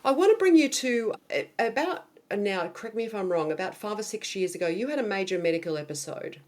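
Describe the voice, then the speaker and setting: A woman's voice: mid-range voice, expressive, fast, a little mellow. A woman hosting an interview, telling anecdotes in a chatty, friendly way. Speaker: podcast host, interviewer.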